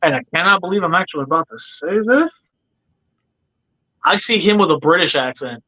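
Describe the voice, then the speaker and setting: A male podcast host chatting casually and animatedly on a livestream. His voice sits high and sounds bright and forward. He jokes and calls his guests by nicknames. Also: expressive, normal speed, low-quality recording.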